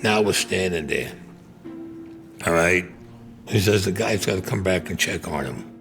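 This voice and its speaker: A man's voice: low voice, measured pace, vocal fry, music in the background. An older man telling a story in a blunt, streetwise way and swearing freely. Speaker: interviewee. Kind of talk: casual storytelling.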